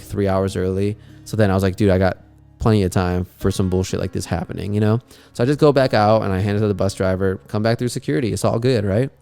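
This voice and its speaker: A man's voice: on the low side, dark tone. Laid-back, cussing young man telling a story. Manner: laid-back, profane, rambling with lots of fillers. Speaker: podcast host. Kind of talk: casual travel story chat.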